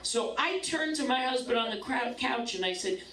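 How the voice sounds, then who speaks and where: A woman's voice: a little high, animated, normal speed, fairly bright tone, reverberant, distant mic, rough recording. A middle-aged woman doing a stand-up comedy set, brash and profane, landing punchlines.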